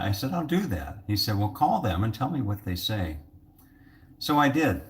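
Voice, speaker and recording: Brief: man, low deep voice, loose rambling vlogger who pokes fun at himself. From United States. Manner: rambling and jokey, self-mocking. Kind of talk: casual vlog monologue.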